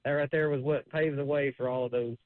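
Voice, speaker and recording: A man's voice: medium pitch, fairly even intonation, quick pace, no room sound. A man calling in to a radio show, friendly and reminiscing. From Nashville area. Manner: friendly, reminiscing, laughs while talking. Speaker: caller. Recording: tinny phone line.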